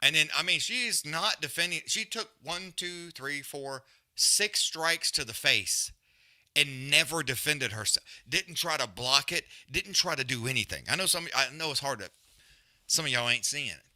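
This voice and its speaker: Animated profane fight commentator. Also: male voice, on the high side, normal speed. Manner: loose, profane, animated breakdown with slang. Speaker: fight watch-along host. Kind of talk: casual live fight commentary.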